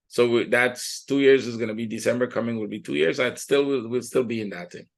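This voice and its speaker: A man's voice: medium pitch, steady tone, a little fast, vocal fry. A man teaching a trading lesson, walking through charts in a conversational, think-aloud way and often checking in with "right?". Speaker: trading educator. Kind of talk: chart walkthrough.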